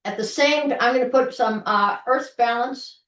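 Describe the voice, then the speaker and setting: A middle-aged woman with a fairly high voice teaches an online cooking class from her home kitchen. She chats in a folksy way and keeps restarting her sentences mid-thought as she chops. The video call picks her up from across a roomy kitchen, so she sounds distant and echoey. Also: normal speed, a bit bright. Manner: chatty, folksy, restarts often while demonstrating. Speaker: cooking instructor. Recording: roomy kitchen, mic far off.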